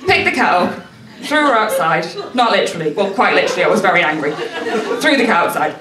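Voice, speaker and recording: A woman's voice: on the low side, animated, fairly quick, crowd noise. A woman telling a self-mocking stand-up story, laughing through her lines. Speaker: stand-up comedian, PhD student. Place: stage at a comedy night before a live audience. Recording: roomy venue, distant mic, audience laughter.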